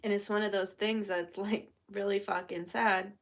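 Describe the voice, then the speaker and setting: Lighting candles for a spell on a casual vlog, a young woman chats at a moderate pace in a mid-range, fairly evenly intoned voice. She curses freely and now and then lowers her voice to a whisper.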